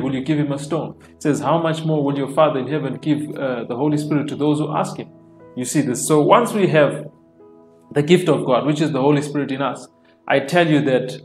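A man preaching an informal online sermon, repeating phrases and dropping in frequent amens, slowing down to stress key lines. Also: medium pitch. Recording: echoey room with soft worship music.

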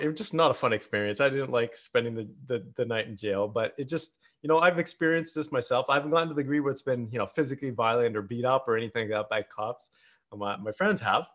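A male host in easygoing conversation, spinning anecdotes with blunt, animated delivery. He slips into the voices of the people in his stories. His pitch sits at an ordinary middle level for a man. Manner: lively anecdotal storyteller, blunt, acts out dialogue. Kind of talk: casual conversation, storytelling.

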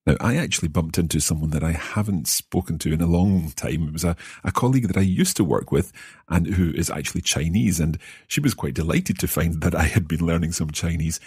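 A man's voice: low-pitched, fairly quick, a little mellow, husky, no room sound, clean studio sound. A Scottish man co-hosting a podcast language lesson as the learner, often hesitating and repeating words while he thinks. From Scotland.

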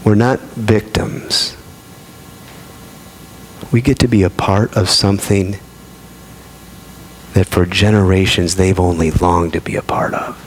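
A man's voice: deep voice, fairly even intonation, slow pace, pauses often, a little hiss or hum. A man preaching a sermon in a conversational way, with playful asides to his congregation. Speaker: pastor.

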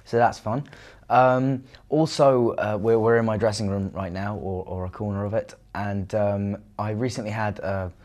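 Relaxed young man recording a video diary. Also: on the low side. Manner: relaxed, halting, many fillers. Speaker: video diarist. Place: theatre dressing room.

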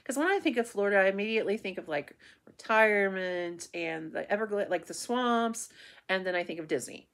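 A woman's voice: medium pitch, a little fast, a bit bright. A woman from the Ozarks chatting casually through her monthly book reviews, rambling with frequent restarts and fillers. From Ozarks region of the United States.

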